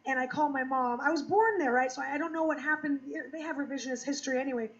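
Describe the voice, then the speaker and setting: Woman from Russia, stand-up comic, high voice, deadpan crowd work. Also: fast, muffled recording. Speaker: stand-up comedian. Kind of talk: stand-up comedy set. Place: comedy club stage.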